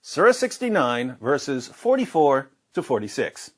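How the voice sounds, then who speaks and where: A man's voice: medium pitch, sing-song, a little slow, a bit bright. A man in a played clip, reading scripture translations aloud with pointed emphasis in a debate style. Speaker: speaker in a quoted video clip.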